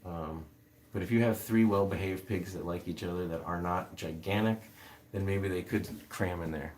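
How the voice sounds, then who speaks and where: A man with a lowish voice chats casually on a livestream, wandering through his thoughts with plenty of ums and uhs as he reads out and answers viewer questions. A faint hiss of noise sits behind him. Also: moderate pace, darkish tone. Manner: rambling, many fillers, answers viewer comments. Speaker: livestream host.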